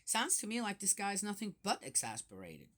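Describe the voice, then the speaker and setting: A woman's voice: mid-range voice, wildly swooping pitch, brisk, a bit bright. An older woman hosting a casual Bible commentary, chatting through verses with frequent rhetorical asides and laughs. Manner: laughs often while talking. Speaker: Bible study host.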